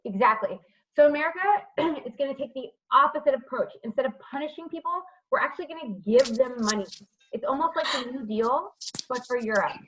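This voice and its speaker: A woman with a high, husky, fairly bright voice teaches a history class online at a brisk pace. She questions students by name and checks understanding with "right?", and the computer-mic recording on the video call is rough.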